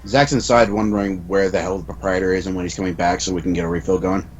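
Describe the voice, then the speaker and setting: A man playing a tabletop game, narrating his character in a wry, expressive way. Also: deep voice, fast talker, lo-fi sound, slight background noise. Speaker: player.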